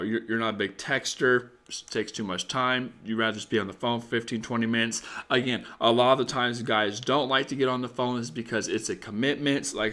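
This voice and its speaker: A man's voice: mid-range voice, fairly bright tone. A young man sounds tired as he hosts a casual live stream. He talks bluntly and rambles, with plenty of swearing, moving from chatting with viewers to giving dating advice.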